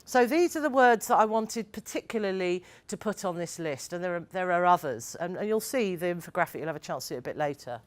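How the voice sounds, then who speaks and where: A woman's voice: fairly low pitch, animated, quick pace, hardly any pauses. A woman speaking to a live audience as a co-presenter, frank and opinionated in her plain-spoken way.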